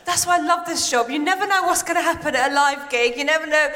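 Casting: high-pitched woman, forties, bubbly stand-up comic working a theatre crowd. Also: a little hiss or hum. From Iran. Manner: excitable, quick asides to the crowd. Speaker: stand-up comedian. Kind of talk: live stand-up set. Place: large theatre stage.

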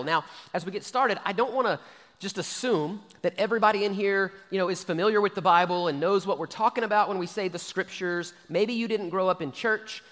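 High-voiced man preaching with a hall echo. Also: fairly bright tone. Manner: conversational, frequent "okay?" and "right?" check-ins. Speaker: pastor. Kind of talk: sermon. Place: church sanctuary.

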